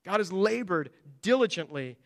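A man preaching a sermon in an animated way, acting out short voices of children and God. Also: sits high, moderate pace, gravelly. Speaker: pastor.

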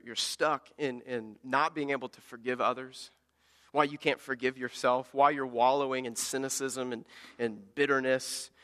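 A man preaching a sermon as a pastor, animated and swinging between loud emphatic peaks and quiet asides. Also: on the high side. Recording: long hall reverb.

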